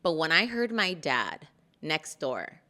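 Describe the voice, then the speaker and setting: A woman's voice: deep voice, very animated, takes it slowly, pushed and bright. A woman being interviewed as a podcast guest, telling an emotional story candidly, with many fillers and some phrases in Spanish.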